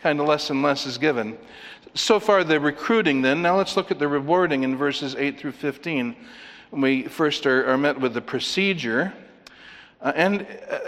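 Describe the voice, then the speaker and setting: A male preacher walks his listeners through a Bible passage verse by verse in an ordinary mid-range voice. He stays animated, acting out the characters with quick asides and chuckles. His voice rings with long reverb from a church hall. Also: medium pitch. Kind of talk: expository Bible teaching.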